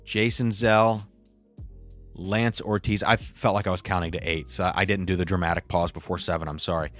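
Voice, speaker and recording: A man's voice: sits low, steady tone, fast talker, soft background music. Chatty man hosting a live stream. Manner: chatty, reads viewer comments aloud. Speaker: livestream host. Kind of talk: casual live-stream chat.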